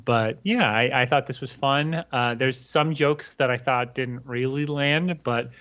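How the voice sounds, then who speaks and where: A man's voice: mid-range voice, a little slow, fairly bright tone, dull audio. A man co-hosting a podcast in casual chat, wry and dry in delivery. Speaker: podcast co-host.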